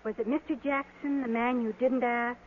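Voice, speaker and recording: A woman's voice: a little high, fairly even intonation, moderate pace, phone-quality sound, natural voice. An actress playing a blunt, nosy teenage girl in a 1940s radio play, earnest and girlish, on a scratchy old broadcast.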